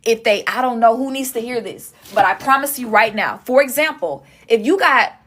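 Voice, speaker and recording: A woman's voice: fairly high pitch, animated, normal speed, a bit bright. A woman doing a casual tarot reading, talking straight to her viewers with emphatic repetition. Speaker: tarot reader.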